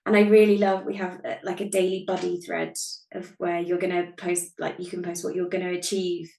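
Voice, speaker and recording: A woman's voice: on the low side, flat delivery, brisk, vocal fry, mellow, roomy sound. A British woman guesting on a podcast, talking casually and laughing at herself. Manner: talkative, giggly, self-deprecating.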